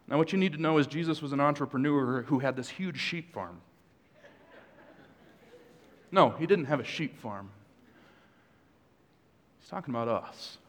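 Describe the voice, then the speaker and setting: A man's voice: mid-range voice, fairly quick. A male pastor preaching a sermon in a church, conversational, with joking asides to the congregation. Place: church sanctuary. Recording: long hall reverb.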